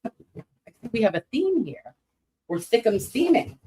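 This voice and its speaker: An American woman streaming casually to her chat, animated, cursing freely, and swinging up high when excited. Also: a little fast, slight background noise. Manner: animated, swearing, talks to chat.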